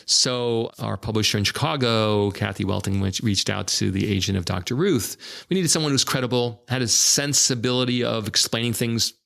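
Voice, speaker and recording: Brief: low, gravelly man, an animated interview storyteller. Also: moderate pace, few pauses. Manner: animated anecdotes with quoted dialogue. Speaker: guest, publishing executive.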